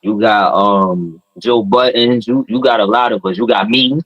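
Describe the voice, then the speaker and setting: A man from New Jersey with a Jersey accent, talking with confident hype and street slang. His voice sits a bit low. He speaks over a dry video call. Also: moderate pace, no echo, lo-fi sound. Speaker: guest rapper. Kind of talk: casual podcast interview.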